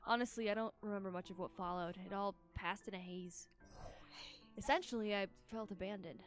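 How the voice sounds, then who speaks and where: A woman voicing a downcast young man in a visual novel, reading his lines quietly and flatly. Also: medium pitch, a little fast, faint music behind, natural voice. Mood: somber. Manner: quiet, flat and subdued.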